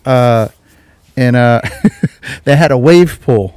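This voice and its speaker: A man's voice: mid-range voice, slow pace, a little mellow, clean tone, no echo, studio quality. A man hosting a podcast, telling a casual story full of slang and acting out the voices of the people in it. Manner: laid-back slangy storytelling, acts out voices in quotes. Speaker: podcast host.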